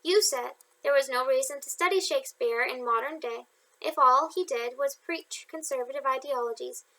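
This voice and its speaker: Woman reading a gentle young male artist. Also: high voice, moderate pace, low-quality recording. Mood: tender.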